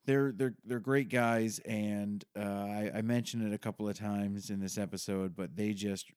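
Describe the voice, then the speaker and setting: A man's voice: lowish voice, fairly even intonation, moderate pace, darkish tone, clean tone, no room sound, clean studio sound. A man hosting a podcast, giving a rambling, self-mocking spoken intro with plenty of swearing. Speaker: podcast host. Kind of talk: casual podcast intro monologue.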